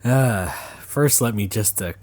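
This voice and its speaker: A man's voice: lowish voice, slow, a little mellow, dry recording. A man co-hosting a comedy podcast in casual chat, dry and sarcastic. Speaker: podcast co-host.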